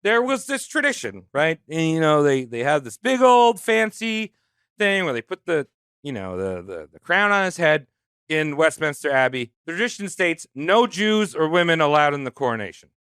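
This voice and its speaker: A man's voice: a little high, sing-song, normal speed, a bit bright, smooth, dry recording, studio quality. A man on a comedy podcast telling history in a jokey, slangy way, acting out quotes. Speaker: podcast host.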